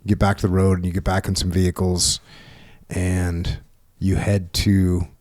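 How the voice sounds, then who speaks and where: A man's voice: low voice, level tone, normal speed, a little mellow. A man hosting a podcast interview, reading passages from a book aloud and chuckling between questions. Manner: reads quoted dialogue with lifted voice, chuckles often. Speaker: host.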